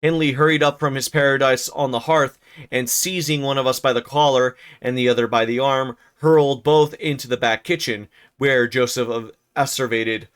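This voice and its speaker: Man narrating a classic novel live; clear smooth voice, middle pitch, casual asides. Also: normal speed. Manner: steady reading with stumbles, rereads and casual profane asides. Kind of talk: reading a classic novel aloud on a livestream.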